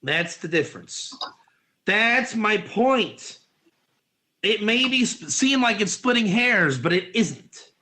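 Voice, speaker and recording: A man teaching a Torah class, excitable and rhetorical, his voice jumping up when he gets animated. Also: sits high, slow pace.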